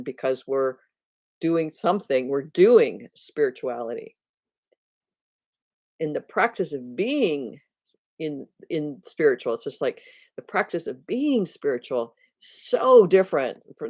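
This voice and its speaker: A woman's voice: low voice, a little mellow, no echo. Reflective woman, self-mocking spiritual vlogger. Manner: laughs at herself, thinks aloud with restarts. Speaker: spiritual teacher and video host. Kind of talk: casual reflective talk to viewers.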